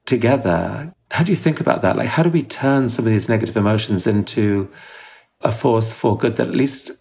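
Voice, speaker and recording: Gravelly-voiced man hosting an interview. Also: fairly low pitch, a little fast, a little mellow. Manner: tentative, polite questioning. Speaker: host. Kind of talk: interview questions.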